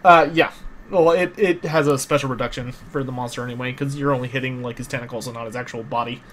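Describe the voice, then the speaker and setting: A man's voice: medium pitch, steady tone, fast, a bit bright, a little hiss or hum. A man narrating a tabletop game as game master, explaining the rules patiently with many small hesitations.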